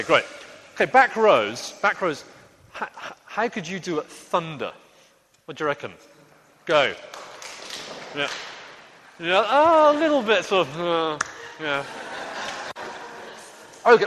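Lively man storytelling in an echoey hall. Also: high-pitched, a little slow, long pauses, noisy background. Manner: lively, coaxing the audience into sound effects. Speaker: preacher leading a children's talk. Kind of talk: interactive storytelling to a congregation. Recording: echoey hall with faint ambience.

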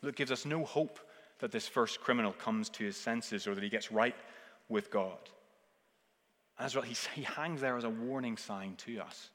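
A man preaching a sermon earnestly, swinging between forceful emphasis and hushed, intense passages. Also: medium pitch, moderate pace. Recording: long reverb of a large hall.

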